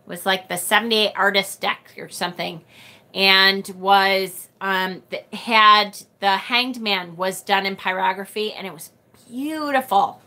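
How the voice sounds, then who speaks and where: A middle-aged woman with a Rochester, New York accent, hosting a casual tarot livestream and reading viewer comments aloud, chatty and quick to laugh. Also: medium pitch, pushed and bright. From United States. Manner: chatty and bubbly, laughs often, trails off and restarts.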